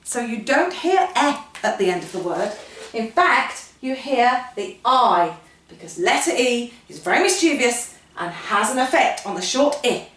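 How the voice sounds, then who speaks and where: A woman's voice: a little high, unhurried, distant mic. A woman giving a playful phonics lesson to children, telling the letters' sounds as little stories. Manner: playful storytelling, animated. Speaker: phonics teacher. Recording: echoey room, voice a bit off-mic.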